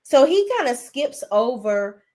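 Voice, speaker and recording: A woman hosting a casual recap chat, animated, acting out characters' lines in a raised voice. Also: sits high, measured pace. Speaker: show review host.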